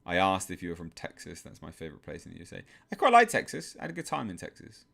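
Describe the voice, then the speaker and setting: Young english guy hosting a live stream, deep-ish voice, swings around a lot, reads chat out slow and thoughtful. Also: vocal fry. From England. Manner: calm, measured, reads out viewer messages. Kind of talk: live chat reading and answering.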